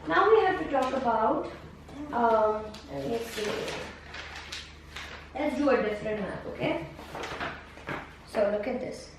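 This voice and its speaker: Patient high-voiced woman teacher, echoey room. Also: expressive, slow, pauses often. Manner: patient, coaxing, repeats prompts and praise. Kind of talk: one-on-one map-reading lesson. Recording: echoey room from far off, faint noise.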